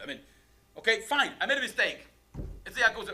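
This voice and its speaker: Man teaching a class, a lively, emphatic rabbi with a high, bright voice. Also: a little fast. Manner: animated, emphatic, rhetorical questions. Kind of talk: lecture on a text.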